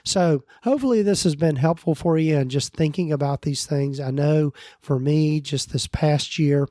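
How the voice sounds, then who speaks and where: Male podcast host, hoarse, easygoing and meandering, slightly raised pitch, dry booth sound. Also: moderate pace, dark tone, dry recording. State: hoarse, voice going. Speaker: podcast host and practice consultant. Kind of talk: casual podcast monologue.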